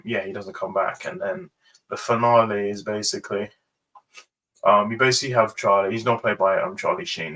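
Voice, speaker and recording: A man hosting a casual ranking review, rambling and hesitant with many pauses and fillers. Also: on the low side, a bit bright, far from the mic, poor audio. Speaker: host.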